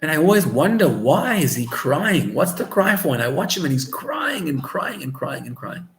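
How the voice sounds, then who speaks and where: Brief: man putting on a gossipy, puzzled wagon driver, lifted pitch, roomy sound. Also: very animated, moderate pace. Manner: wondering, confiding, repeats himself. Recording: roomy echo.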